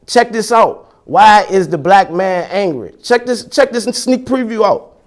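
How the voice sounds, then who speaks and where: A man's voice: high-pitched, animated, a little slow. A male show host talking casually to his audience in a loose, rambling way. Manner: loose, rambling, frequent "you know".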